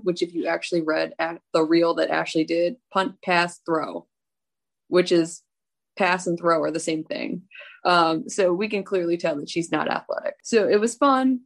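A woman's voice: on the low side, creaky. A woman co-hosting a podcast, reading out results in a matter-of-fact, teasing way. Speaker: podcast co-host. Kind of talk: casual chat, reading results.

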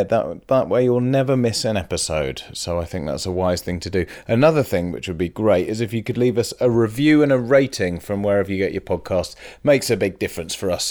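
Low-voiced podcast host. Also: male voice. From Britain. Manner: relaxed, chatty, laughs easily, swears casually. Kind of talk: casual podcast chat.

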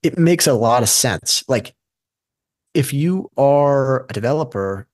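A man's voice: medium pitch, lively intonation, slow pace, darkish tone, no room sound. A man co-hosting a casual investing show, talking in a rambling way and often correcting himself mid-sentence. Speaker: podcast co-host.

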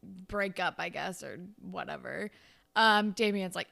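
A young woman casually recapping a TV episode, laughing often and quoting characters in high voices. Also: normal speed, vocal fry, sharp tone.

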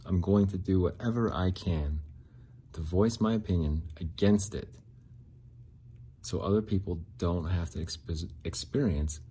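A man's voice: low-pitched, warm tone, breathy edge. A man talking in a casual, rambling monologue, repeating phrases and restarting often. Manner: rambling, repeats himself, frequent likes and restarts. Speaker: podcast host.

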